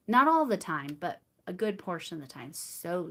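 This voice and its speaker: A woman's voice: mid-range voice, very animated, moderate pace, few pauses, bright, forceful tone, slight background noise. A middle-aged woman hosting a crochet livestream, chatting casually with viewers in a rambling way, with frequent laughs and restarts. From United States. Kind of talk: casual chat with live chat viewers.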